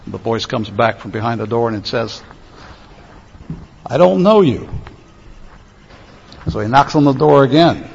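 A man preaching a sermon, emphatic, stretching key phrases slowly. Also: mid-range voice, vocal fry, a little hiss or hum. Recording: echoey hall, dull lo-fi sound.

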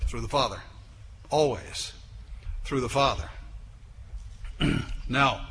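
A man preaching a sermon, building emphatically to forceful peaks and then dropping low. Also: fairly even intonation, slow pace, pauses often. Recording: echoey hall with faint noise.

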